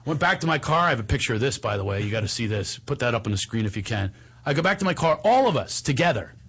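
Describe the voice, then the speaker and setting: Animated man telling a story, laughing. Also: medium pitch, quick pace, breathy edge. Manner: animated, laughing, acts out what others said. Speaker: comedian guest. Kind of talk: storytelling in a conversation.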